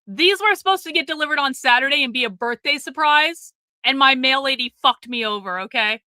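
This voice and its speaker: A middle-aged woman hosts a casual livestream with a high, bright voice. She is blunt and profane as she scolds viewers in the chat. The recording is dry and close. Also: lively intonation, a little fast, dry recording. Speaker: livestream host.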